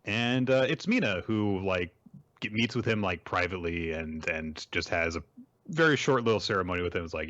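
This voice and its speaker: A man's voice: low voice, normal speed, muffled recording. A man co-hosting a podcast, chatting casually and rambling through a manga recap with plenty of fillers. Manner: rambling, animated, many fillers. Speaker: podcast co-host.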